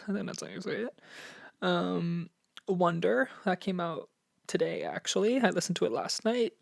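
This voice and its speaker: A man's voice: high voice, creaky, dry recording, studio quality. A young man hosting a casual solo music review podcast. He sounds a little nervous and out of breath, chatty, with many fillers and restarts. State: slightly out of breath. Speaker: podcast host.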